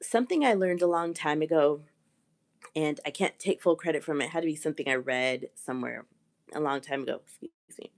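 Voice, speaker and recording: This communication coach has a low-pitched voice with vocal fry and talks a little fast. Despite a sore throat, she gives an earnest live-stream coaching session, repeating the points that matter most.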